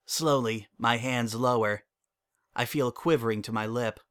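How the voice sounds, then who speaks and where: A man's voice: mid-range voice, measured pace, a bit bright. A man narrating a first-person story and acting out its dialogue expressively.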